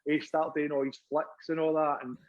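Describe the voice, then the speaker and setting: A Scottish man sits in on a casual podcast chat, spinning his anecdotes with energy and plenty of swearing. His voice sits a little higher than most men's. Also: normal speed, dull audio. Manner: animated storytelling, swearing, laughs often. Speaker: podcast guest, former goalkeeper.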